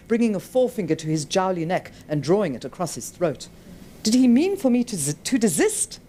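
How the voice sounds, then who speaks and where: A woman's voice: on the low side, a little hiss or hum. A woman author reading her own novel aloud at a bookshop event, telling the story expressively. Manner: expressive, animated storytelling with voiced characters.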